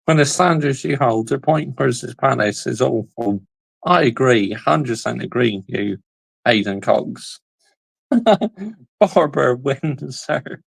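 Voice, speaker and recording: Man, football reaction host, gravelly and husky, slow unhurried delivery, lively exclaiming. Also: mid-range voice, no echo, rough recording. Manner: animated, exclaiming, laughs often. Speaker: YouTube football channel host. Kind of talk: casual reaction commentary.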